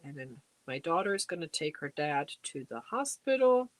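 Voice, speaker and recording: A woman's voice: deep voice, sing-song, normal speed, dry recording. A middle-aged woman hosting a casual livestream, chatting away and reading out and answering viewer comments. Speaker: livestream host. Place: home crafting space.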